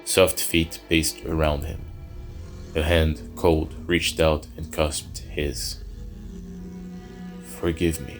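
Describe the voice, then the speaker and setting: A man narrating a dark fantasy story in a slow, somber, measured way. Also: very deep voice, monotone, soft background music.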